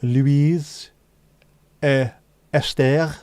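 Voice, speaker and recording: A man's voice: a little high, fairly even intonation, extremely slow, a little mellow, no room sound. A man hosting a casual livestream, bantering cheekily with viewers and swearing freely. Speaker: livestream host serving virtual drinks. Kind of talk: casual chat.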